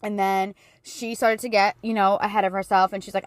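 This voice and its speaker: A woman in her thirties hosts a motivational talk in a casual, encouraging way. Her voice sits at an ordinary middle pitch, recorded dry and close with little room sound. She speaks with fervent, faith-filled warmth of conviction. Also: steady tone, fast talker, hardly any pauses, no room sound. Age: 30s. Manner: emotional and fervent in praise. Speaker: podcast host and life coach.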